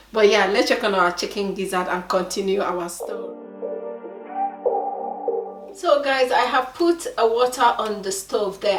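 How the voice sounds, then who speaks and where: A woman from Nigeria with a Nigerian accent, chatting animatedly to viewers while cooking and telling a story. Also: medium pitch. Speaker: vlogger. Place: home kitchen. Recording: echoey room, mic at a distance.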